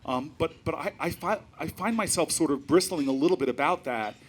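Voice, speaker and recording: Middle-aged male politician, slightly high-pitched, emphatic and rhetorical speaker with stumbling restarts, addressing a live audience. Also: brisk, husky. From New Jersey. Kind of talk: animated speech with storytelling. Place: event stage before a live audience.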